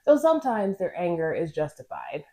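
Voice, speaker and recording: Young woman, nurse co-host, low voice that swings widely, laughs often, casual podcast chat. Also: big pitch swings, moderate pace, dark tone. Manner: laughs often, acts out quoted lines in a raised voice.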